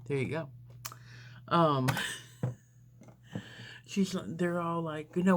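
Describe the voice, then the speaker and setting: A woman's voice: sits low, slight background noise. A woman telling a long personal story in a casual, rambling way while she does her makeup. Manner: rambling, unhurried, with frequent fillers. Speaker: beauty vlogger.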